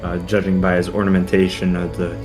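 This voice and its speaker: A man's voice: low voice, monotone, fairly quick. A man narrating as dungeon master in a tabletop game, rambling with fillers and restarts. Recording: music playing behind.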